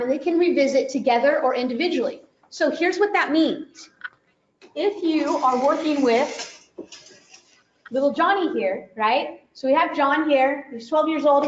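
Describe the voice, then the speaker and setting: High-voiced woman presenter in echoey room. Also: moderate pace. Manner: lively, acts out children's inner voices, frequent "right?". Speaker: trauma-informed education presenter. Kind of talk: workshop presentation to educators. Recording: dull, echoey conference room recording.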